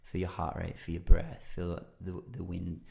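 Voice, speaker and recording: Low gravelly man telling stories. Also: moderate pace. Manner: lively storyteller who acts out his own reactions; loose and rambling with many fillers. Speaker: podcast guest. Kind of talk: casual conversational storytelling.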